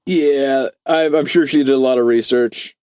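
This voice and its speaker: A man's voice: medium pitch, fairly even intonation, normal speed, a little mellow, clean tone, no echo. A man in his twenties co-hosting a podcast, chatting casually and rambling with lots of filler words and the odd curse. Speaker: podcast co-host. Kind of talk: casual chat.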